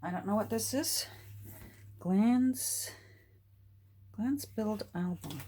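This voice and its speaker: Slow with long pauses, an older woman talks through her thrift finds in a medium-pitched, slightly rough voice with lively intonation. The casual show-and-tell is full of delight, often sinking to soft whispers and gasps.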